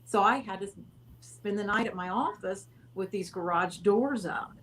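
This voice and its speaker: A woman tells a long story as a guest on an interview show. She rambles, corrects herself as she goes and laughs often. Her voice sits in a middle pitch. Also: normal speed, a bit bright, slight background noise.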